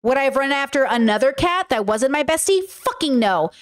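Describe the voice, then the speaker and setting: A young woman hosting a casual livestream, telling animated, profane stories and reading chat. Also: high voice, fairly quick. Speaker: streamer host.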